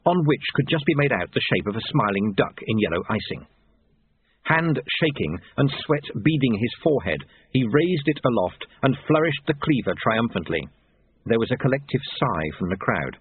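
A man narrating an audiobook in an expressive, wide-ranging way. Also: mid-range voice, normal speed, slightly rough, dry recording. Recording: tinny lo-fi phone-like audio.

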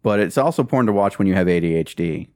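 A man's voice: sits low, animated, fast talker, a little mellow, no room sound. A man answering listener questions in an offhand, dry way during casual podcast chat.

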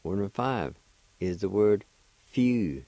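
A man hosting a radio language lesson, spelling words out and sounding each syllable with careful, deliberate repetition. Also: fairly low pitch, expressive, mellow, dry recording, low-quality recording. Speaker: radio host teaching Cherokee words. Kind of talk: slow spelling and pronunciation lesson.

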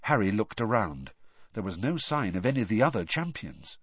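A man narrating a novel as an expressive audiobook reader. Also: on the low side, normal speed, slightly rough, no room sound, muffled recording. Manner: expressive storytelling.

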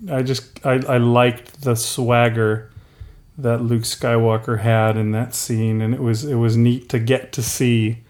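A middle-aged man in casual podcast chat, rambling and animated, acting out little quotes and laughing as he goes. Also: medium pitch, measured pace. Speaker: podcast co-host.

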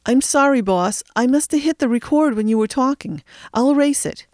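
A woman's voice: a little high, sing-song, moderate pace, a little mellow, dry recording, pitched above the performer's own voice. Lady reading a nervous dim henchman guy, jumpy and eager, dry close sound.

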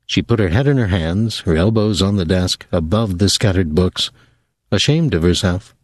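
A man giving a measured, even audiobook narration of a novel. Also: sits low, dry recording. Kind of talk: scripted narration.

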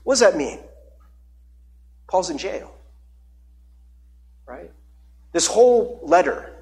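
A man's voice: high voice, very animated, takes it slowly, pauses often, dark tone. A man preaching a conversational sermon as pastor, with many fillers and repeated words.

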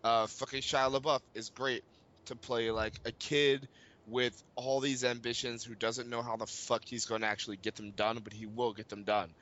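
Bright-voiced swearing podcast man. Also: medium pitch, moderate pace, lo-fi sound. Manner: animated, swears freely, searches for words. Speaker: podcast co-host. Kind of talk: casual film discussion.

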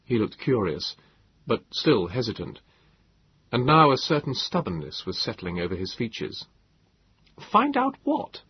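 Husky low-ish guy reading a story, lots of pitch movement, dull dry sound. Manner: measured, lively storytelling delivery. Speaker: audiobook narrator. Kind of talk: first-person storytelling.

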